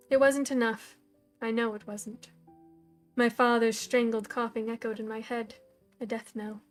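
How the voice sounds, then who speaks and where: A woman hosting a live stream, reading a story aloud in a calm, measured way and greeting her viewers. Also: fairly high pitch, faint music behind.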